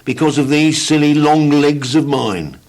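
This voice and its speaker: A man's voice: on the high side, a little mellow, voice pushed up. A man doing gloomy, sighing Mr. Tall. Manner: slow, mournful and sighing. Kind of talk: storybook tape reading.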